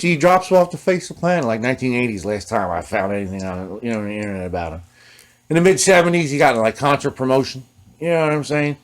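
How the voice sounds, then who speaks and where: A man hosting his own guitar repair video, chatting loosely as he works on an instrument. He talks streetwise and swears freely, and he keeps leaning on "you know what I mean." His voice sits at an ordinary middle pitch. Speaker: host of a guitar repair channel. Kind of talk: casual storytelling while working on an instrument.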